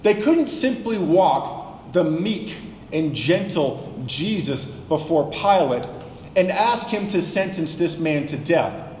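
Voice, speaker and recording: A man teaching a sermon, measured and explanatory, slowing down for emphasis. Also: on the high side, expressive, a little mellow, reverberant, in a large hall, slight background noise, low-quality recording. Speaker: preacher.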